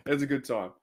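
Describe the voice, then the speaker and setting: A man's voice: fairly high pitch, fairly bright tone, dry recording, clean studio sound. A man with an Australian accent hosting a casual live stream, rambling and chatty, reading out chat and laughing often.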